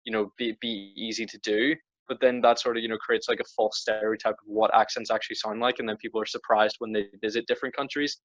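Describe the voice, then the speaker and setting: A man's voice: on the low side, flat delivery, fast talker, hardly any pauses, a bit bright, no echo. Northern Irish man, podcast co-host, rambling casual delivery, dry and dull lo-fi audio. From Northern Ireland. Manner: rambling, many restarts and fillers. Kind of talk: casual chat.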